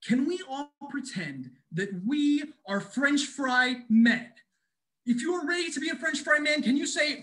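A man's voice: very high-pitched, pushed and bright, exaggerated voice, low-quality recording. A man playing a bubbly big brother. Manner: bubbly, encouraging, talks straight to the kids. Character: excitable big brother with French fries. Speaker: stage performer leading children. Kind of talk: interactive children's musical. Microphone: video call.

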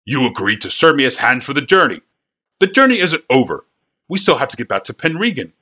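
A man voicing a blustering, wide-girthed wagon master who shouts angrily and sputters insults, raised high and loud above his own voice in a read-aloud story. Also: big pitch swings, measured pace, full character voice. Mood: furious.

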